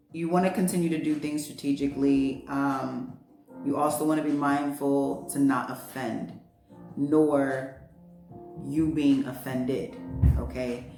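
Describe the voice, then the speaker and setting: Low, slow-talking woman giving a heartfelt reading. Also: a little mellow. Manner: chatty, heartfelt, slangy, many fillers. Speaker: astrology and tarot reader. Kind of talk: casual spiritual reading. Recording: roomy echo, faint music behind.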